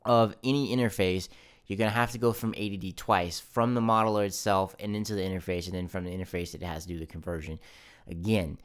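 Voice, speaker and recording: A man casually reviewing his own audio gear to camera, explaining things in a relaxed, conversational way. He talks into a studio microphone in his home studio. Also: fairly low pitch, smooth. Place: home studio with a guitar amp. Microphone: studio microphone through an audio interface.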